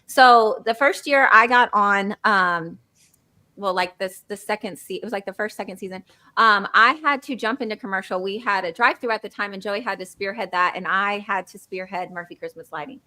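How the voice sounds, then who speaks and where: A woman's voice: mid-range voice, fairly quick. A woman telling a business story in casual chat, giggly and acting out what people said. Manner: animated storytelling, giggly, acts out quotes. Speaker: business owner guest.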